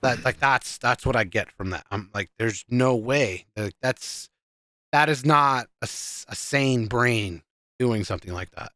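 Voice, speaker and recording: A man's voice: medium pitch, measured pace, bright, forceful tone, no echo, clean studio sound. A man co-hosting a casual podcast, telling stories in an exasperated, profane, rambling way with many restarts. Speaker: podcast co-host.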